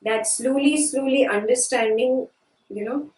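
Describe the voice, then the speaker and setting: A woman's voice: high-pitched, a little slow, a little mellow. A woman teaching a scripture class, asking her students questions and repeating key phrases. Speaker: spiritual teacher. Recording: echoey room from a distance.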